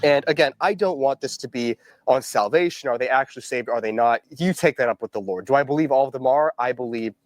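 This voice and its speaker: A man's voice: medium pitch, quick pace, hardly any pauses, dry recording. Rambling stammering man from Canada. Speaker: preacher in a clip. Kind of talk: preachy monologue to camera.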